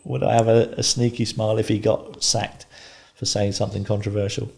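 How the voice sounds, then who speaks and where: A man in his fifties, a podcast guest, calmly telling an anecdote and acting out the voices of the people in it. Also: fairly low pitch, brisk, creaky. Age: 50s. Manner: calm storyteller, acts out voices in his anecdotes.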